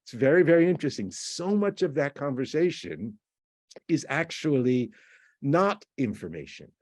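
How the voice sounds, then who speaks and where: A man's voice: mid-range voice, big pitch swings, normal speed, darkish tone, no room sound. A man giving a university lecture, explaining step by step, repeating words and acting out quoted messages. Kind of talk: recorded lecture.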